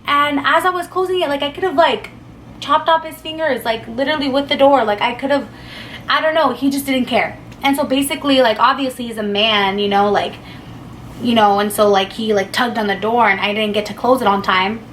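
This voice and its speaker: Young woman, casual storytime, rambling, swears, fairly high voice, faint background noise. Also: brisk, a bit bright. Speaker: vlogger.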